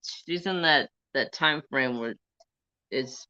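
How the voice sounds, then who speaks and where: A man's voice: medium pitch, slow pace, bright, forceful tone, dry recording, dull audio. A man hosting a casual crafting live stream from his phone, telling stories in a laid-back way, swearing and laughing often. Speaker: livestream crafting host.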